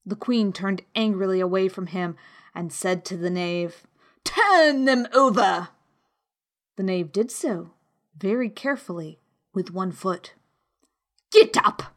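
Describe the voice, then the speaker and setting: A woman narrating a storybook in a measured, expressive way. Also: on the low side. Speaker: audiobook narrator.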